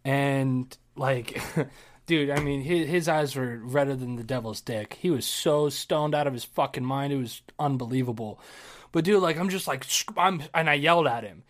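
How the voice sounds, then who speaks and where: A young man with a mid-range voice shares a story on a casual podcast at a normal pace. He's animated, swears and laughs, and performs his own shouting.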